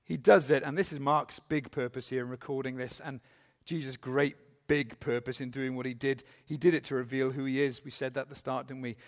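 In a church, a man with a mid-range voice and level tone preaches a sermon, earnestly putting questions to the congregation and reading scripture slowly with emphasis. The recording carries a long hall reverb.

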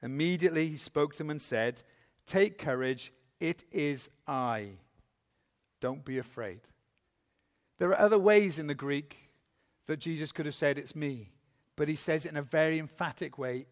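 A man preaching a sermon, earnestly asking the congregation questions and reading scripture slowly with emphasis. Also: a little high. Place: church. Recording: long hall reverb.

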